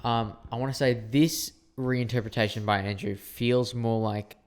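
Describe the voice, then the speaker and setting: A man's voice: mid-range voice, steady tone, normal speed, clear, resonant tone. A tipsy man co-hosting a film podcast, chatting casually and rambling with many repeated words. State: tipsy from drinking. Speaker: podcast co-host. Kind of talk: casual film review chat.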